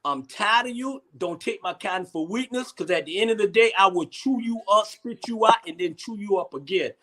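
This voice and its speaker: A man's voice: high voice, animated, brisk, pushed and bright, a little hiss or hum. A man hosting a casual comedy chat, rambling and repeating himself with frequent laughs. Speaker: host.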